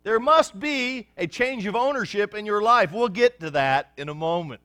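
Animated preacher man, wide swings. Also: moderate pace, few pauses, no room sound, soft background music. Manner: swings between hushed lows and excited shouting; folksy, joking with the congregation. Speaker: pastor. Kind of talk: sermon.

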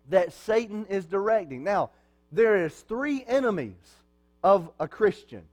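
Here a man stands in the pulpit as pastor, addressing his congregation in a fairly high voice. He talks casually, throwing out questions he then answers on his own.

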